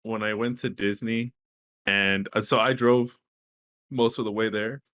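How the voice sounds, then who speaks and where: Casting: young man, animated storyteller, casual podcast co-host, cusses freely. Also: on the low side, unhurried. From Texas. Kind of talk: casual chat.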